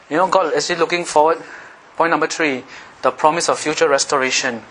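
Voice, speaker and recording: A middle-aged male pastor delivers a lively sermon in a bright, forceful voice that sits a little high. He swings between emphatic, almost shouted passages and quiet, confiding asides to his listeners.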